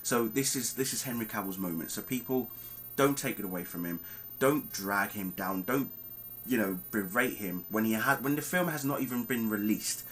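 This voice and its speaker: A man giving a casual spoken film review, animated and emphatic, talking straight to his viewers with plenty of ums. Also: fairly low pitch, normal speed, a little hiss or hum, poor audio. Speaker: movie reviewer.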